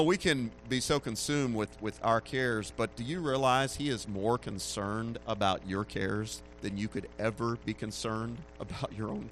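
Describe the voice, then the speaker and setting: A man preaching a sermon who slows down to stress key phrases, rises to loud peaks and drops to a murmur at the ends of lines. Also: mid-range voice, a little hiss or hum.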